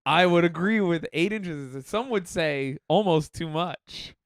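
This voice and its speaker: Brash, animated comedian in his thirties. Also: on the high side, measured pace, no echo, clean studio sound. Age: 30s. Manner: animated, acts out quoted voices, laughs often. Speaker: comedian podcast co-host. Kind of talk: crude casual storytelling.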